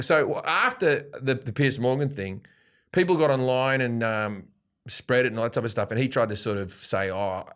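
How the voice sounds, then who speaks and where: Mężczyzna z australijskim akcentem, w średnim wieku, opowiada w wywiadzie barwne, wulgarne historie i odgrywa cudze kwestie. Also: male voice, medium pitch. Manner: profane, animated storytelling with acted-out quotes. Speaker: guest comedian. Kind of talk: storytelling in a casual interview. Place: studio.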